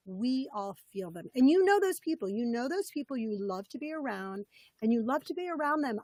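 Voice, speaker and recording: A woman's voice: fairly high pitch, dry recording. A woman leading a live webinar as a coach, upbeat and conversational, her voice a little scratchy and froggy. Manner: upbeat, conversational, repeats key points.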